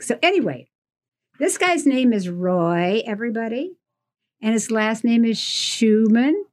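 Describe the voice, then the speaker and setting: A woman's voice: fairly high pitch, takes it slowly. Emphatic woman telling a story. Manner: retells a story with quoted lines, lively and emphatic. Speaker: guest storyteller. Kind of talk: animated casual storytelling on radio.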